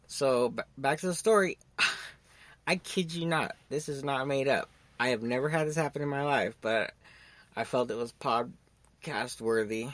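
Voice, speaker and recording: A young man with a medium-pitched voice hosts a podcast and tells a story in a rambling, casual way, getting animated when he acts out quotes. There's no echo on the recording.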